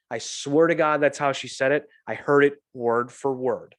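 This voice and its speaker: Man, middle-aged, podcast host, casual talk, lively storyteller, swears freely. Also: medium pitch, normal speed, hardly any pauses. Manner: animated storyteller, swears freely, acts out quotes.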